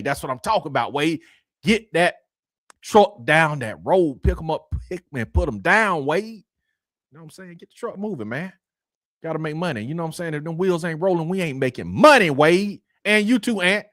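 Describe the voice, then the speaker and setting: A man hosts a loose sports talk show, keeping things animated and teasing. His voice sits a bit high and leaps up and down. The sound is dry and close. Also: brisk, no echo. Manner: animated, teasing, many "you know what I'm saying". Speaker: podcast host.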